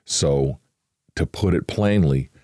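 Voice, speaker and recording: Brief: earnest man teaching scripture casually, mellow and very low, dry close sound. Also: slow pace, no echo. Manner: earnest, conversational, with emphatic asides; acts out worried inner voices. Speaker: Christian podcast host. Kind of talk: informal devotional teaching.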